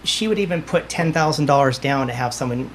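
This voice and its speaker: A man's voice: mid-range voice, expressive, fairly quick, slight background noise. Confident man telling stories. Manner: confident storyteller, emphatic, repeats phrases for emphasis. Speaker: medium, podcast guest. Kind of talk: conversational interview answers.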